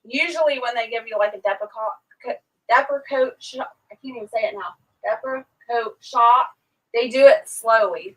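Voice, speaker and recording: A woman's voice: recorded from a distance, low-quality recording. A woman hosting a livestream, casually telling a long story and acting out what people said. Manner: animated, acts out quotes with raised pitch.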